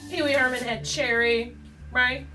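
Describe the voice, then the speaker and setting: Slow-talking, chatty woman tarot vlogger. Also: high-pitched, steady tone, distant mic, noisy background. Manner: joking, self-deprecating, chatty asides. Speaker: tarot video host. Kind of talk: rambling casual chat. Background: faint background music.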